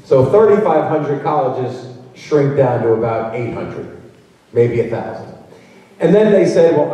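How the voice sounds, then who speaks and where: A man's voice: a little high, dark tone. A man giving a workshop presentation to parents, talking conversationally and acting out quotes from students and coaches. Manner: conversational, acts out hypothetical quotes. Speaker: college recruiting speaker. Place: high school auditorium. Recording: roomy hall, distant mic.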